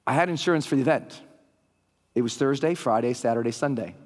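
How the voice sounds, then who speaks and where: A man speaking on stage to a live audience, telling a story with energy and acting out the lines of the people in it in a raised voice. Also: fast. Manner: animated storytelling, acting out quotes in a higher voice. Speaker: motivational speaker. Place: large hall with a live audience. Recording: long hall reverb.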